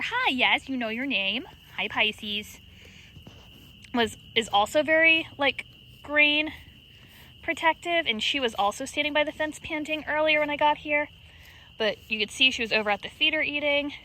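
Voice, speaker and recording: At night in her sheep pen, a woman vlogs casually, chatting to the camera and cooing fondly at her animals. Her voice is on the high side, bright and forceful, with slight background noise.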